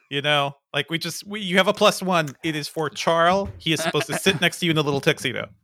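A man's voice: fairly high pitch, fast, sharp tone, no echo. A man co-hosting a film podcast, joking and teasing his guest in casual chat. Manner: playful, teasing. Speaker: podcast co-host.

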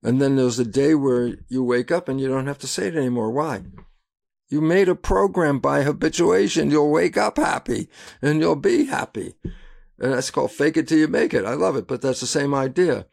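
An older man, a guest in an interview, telling lively anecdotes and acting out the voices in them. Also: medium pitch, normal speed, creaky. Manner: animated storyteller who acts out voices and laughs at his own anecdotes. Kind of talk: casual interview storytelling.

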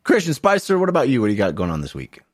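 Wry, lively man hosting a podcast. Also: mid-range voice, very fast, slightly rough, no echo, clean studio sound. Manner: wry, jokey, upbeat plugging. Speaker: podcast host. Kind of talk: casual podcast chat.

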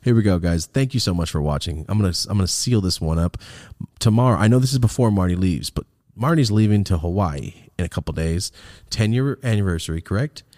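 Animated, swearing young podcast host. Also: male voice, low voice, brisk, no echo, clean studio sound. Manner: animated, profane, acts out voices in his stories. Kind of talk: casual storytelling chat.

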